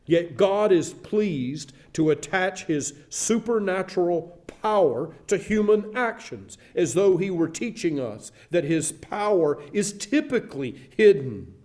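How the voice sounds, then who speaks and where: A man's voice: high-pitched, animated, a little slow, hardly any pauses, a little mellow. A man in his sixties, a pastor, preaching an ordination sermon in a church with earnest, repeated emphasis. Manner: earnest, building emphasis through repetition. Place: church sanctuary.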